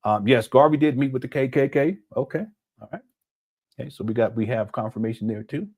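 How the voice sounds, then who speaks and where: A man hosting a live stream in a relaxed, conversational way. He reads viewers' messages aloud and answers them, often thinking out loud. His voice sits at an ordinary middle pitch. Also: a little fast, breathy edge. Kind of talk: casual commentary live stream.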